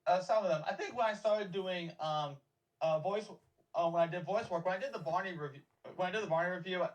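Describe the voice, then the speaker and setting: A man who is a podcast guest, speaking in a halting way and repeating words in a casual interview. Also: high-pitched, lo-fi sound.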